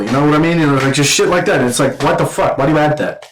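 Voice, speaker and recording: A man giving a casual, rambling film review, swearing constantly and filling every pause with "like" and "uh.". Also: fairly high pitch, roomy sound, poor audio. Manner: profane, rambling, full of fillers. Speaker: movie reviewer.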